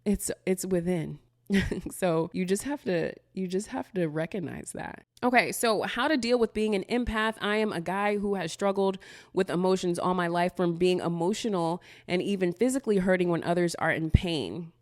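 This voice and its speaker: Candid, low-voiced woman answering questions. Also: normal speed, a little mellow, no room sound, clean studio sound. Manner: loose and candid, heavy use of "like", frequent swearing; laughs between thoughts. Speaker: manifestation coach. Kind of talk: casual Q&A monologue.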